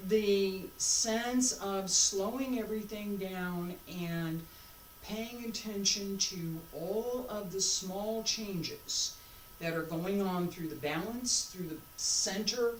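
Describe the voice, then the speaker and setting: A woman's voice: medium pitch, slight background noise. A woman teaching a martial arts class as she demonstrates, thinking aloud with rhetorical questions. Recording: roomy sound from a distant mic.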